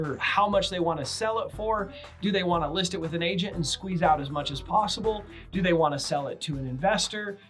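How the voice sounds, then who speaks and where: Brisk coaching man with music underneath. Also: a little high, fairly bright tone. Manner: brisk, coaching, acts out sample phone dialogue. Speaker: real estate investor teaching cold calling. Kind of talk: instructional talk to camera. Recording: faint music bed underneath.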